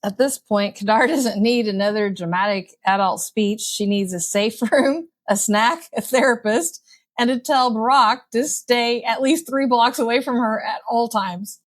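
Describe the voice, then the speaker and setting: A woman co-hosting a casual recap chat, agreeable and quick with short affirmations. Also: a little high. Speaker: co-host of a TV drama recap show.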